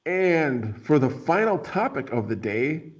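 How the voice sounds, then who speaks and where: A man's voice: a little high, big pitch swings, a little slow. A man hosting a casual talk show, rambling and playful with lots of fillers. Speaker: podcast host. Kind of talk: casual chat. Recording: dull lo-fi sound.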